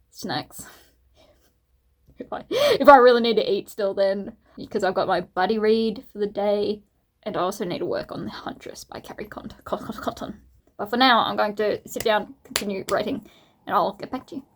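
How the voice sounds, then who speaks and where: A woman's voice: medium pitch, husky. A woman, a book vlogger, chatting casually to camera at home in a rambling way with laughs. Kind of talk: casual vlog chat to camera.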